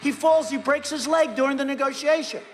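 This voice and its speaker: A man's voice: very high voice, brisk. An older man giving a blunt, repetitive rally speech with mocking asides, recorded in a large arena. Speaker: political candidate speaking at rallies. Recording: hall reverb with crowd noise.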